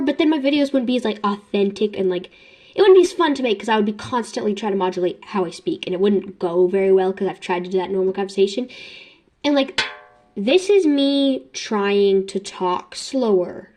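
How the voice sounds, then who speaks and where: A young woman vlogging casually, talking fast, rambling and interrupting herself with giggles. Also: on the high side. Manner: giggly and chatty. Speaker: YouTube vlogger. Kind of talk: casual ranking vlog.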